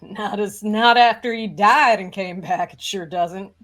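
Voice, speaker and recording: A woman game master voicing a reckless young male witch, who explains things in a low-key, matter-of-fact way. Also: a little slow, a bit bright, lightly acted.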